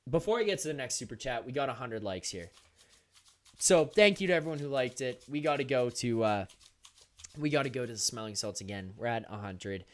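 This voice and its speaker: A young man hosting a live sports stream, talking fast and animated straight to his viewers, often laughing. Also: medium pitch. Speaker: host of a hockey post-game live stream. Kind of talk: energetic live-stream chat.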